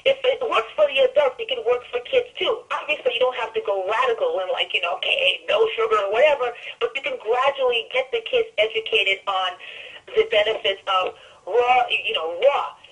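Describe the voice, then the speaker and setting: New lady calling in all fired up, high bright voice, sounds far off on the phone line. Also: animated, brisk. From New York. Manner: enthusiastic, emphatic, talks in bursts. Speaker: caller. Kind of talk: emotional testimonial call.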